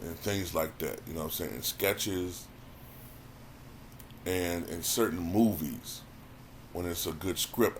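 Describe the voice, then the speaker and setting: A man's voice: deep voice, slight background noise. A man giving a casual spoken review as a commentator, conversational and repeating words as he thinks. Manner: conversational, repeats words when thinking, frequent "you know what I'm saying". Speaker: YouTube commentator reviewing a stand-up special.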